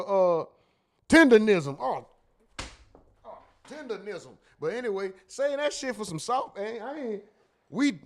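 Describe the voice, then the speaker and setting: A man hosting, talking bluntly and profanely in casual emphatic commentary. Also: high voice. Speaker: host.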